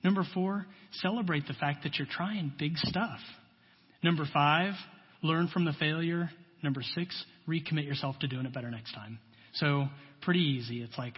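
A man delivers a sermon in a relaxed, folksy way, leaning on asides and everyday talk. His voice sits a little high and husky. The recording is dull and carries a long church reverb. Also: normal speed. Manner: conversational, folksy, many asides. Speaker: preacher.

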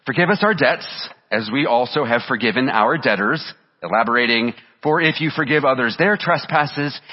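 A man's voice: mid-range voice, long reverb tail, highs cut off. A man preaching a sermon as pastor, reading scripture aloud with earnest emphasis.

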